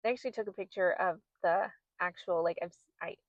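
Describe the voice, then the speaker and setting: A woman's voice: on the low side, brisk, no room sound, dull audio. Young woman telling her own story, quotes everyone, dry close mic. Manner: animated retelling, quoting herself and others. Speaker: podcast host. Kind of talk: personal storytelling.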